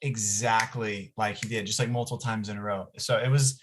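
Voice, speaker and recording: The man who wrote and directed the film hosts a casual Q&A over a video call, telling relaxed, chatty stories about the shoot. He speaks fairly quickly in a fairly low voice, against a noisy background.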